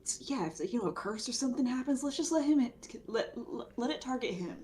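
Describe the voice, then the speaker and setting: A woman's voice: on the high side, expressive, fairly quick, noisy background. A woman playing a tabletop game, talking casually with many fillers. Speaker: player.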